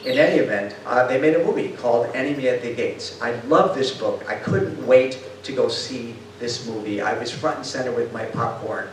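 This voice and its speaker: A man's voice: mid-range voice, normal speed, hardly any pauses, slight background noise. Older man telling stories in an echoing hall. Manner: lively storyteller who acts out quotes and asks the audience questions. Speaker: speaker giving a talk. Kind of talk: storytelling lecture. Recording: roomy hall sound from far off.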